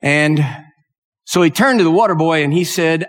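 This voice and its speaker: A male preacher delivers a sermon, telling a story that builds into impassioned exhortation. His voice sits high for a man. It rings out with a long reverb, as in a large hall. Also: expressive, slow, long pauses. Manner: emotional, rising to impassioned exhortation.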